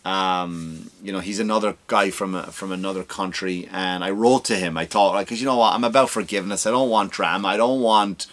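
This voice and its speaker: A man's voice: deep voice, brisk, few pauses, fairly bright tone. A man hosting a comedy podcast, ranting in a profane, exasperated way with big jumps in his voice.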